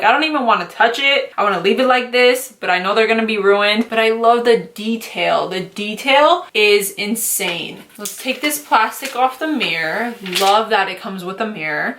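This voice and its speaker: A woman's voice: medium pitch, fairly bright tone. Gushing young woman beauty vlogger. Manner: gushing, dramatic, slangy. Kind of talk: excited unboxing and makeup tutorial.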